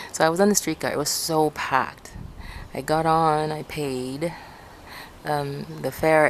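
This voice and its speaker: A vlogger from Ecuador, a woman with a deep voice, tells a personal story in a chatty, rambling style and corrects herself along the way. The audio is poor, with slight background noise.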